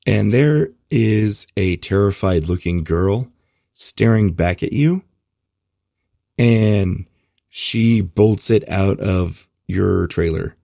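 A man running a tabletop role-playing game as game master, relaxed and full of fillers. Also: fairly low pitch, takes it slowly, gravelly, dry recording, clean studio sound.

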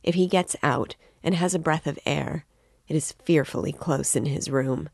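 A woman's voice: low-pitched, normal speed, gravelly, darkish tone, slightly rough, no echo, heavily acted. A woman reading the part of an anxious, talkative middle-aged mother in a novel. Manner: worried, talkative.

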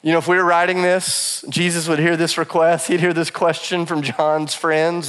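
A man in his thirties preaches in a church, his voice sitting a little high. He tells a story about himself in a self-deprecating way and laughs often. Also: flat delivery, normal speed, hardly any pauses, a bit bright, clean tone. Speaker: pastor. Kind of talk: sermon with personal story. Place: church auditorium.

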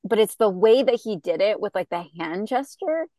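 A woman of middle pitch co-hosting a fan podcast, eager and rambling with lots of fillers. Her voice sounds dry and close to the mic. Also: lively intonation, moderate pace, mellow, no echo. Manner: enthusiastic, rambling with many fillers. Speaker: podcast co-host. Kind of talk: casual fan chat.

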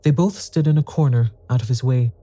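A narrator reading a ghost story aloud in a measured storytelling manner. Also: medium pitch, mellow, breathy edge, dry recording.

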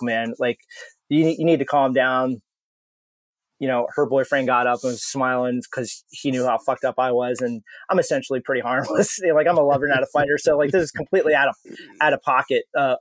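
A man's voice: medium pitch, no room sound. A man telling a casual story as a podcast guest, rambling and profane, with many fillers and laughs.

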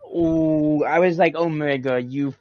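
A man's voice: on the high side, steady tone, a little slow, dry recording, highs cut off. A man in casual chat, ranting in an exasperated, emphatic way.

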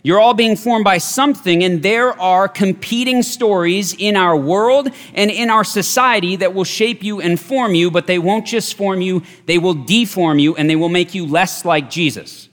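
A man's voice: sits high, normal speed, few pauses, fairly bright tone. A man preaching a sermon, earnest and emphatic, often repeating his key phrases. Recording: long reverb of a large hall.

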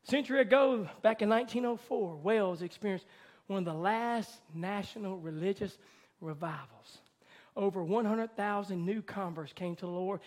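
A man pastor preaching a sermon, moving from hushed, tender passages to loud, rising fervor. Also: high voice.

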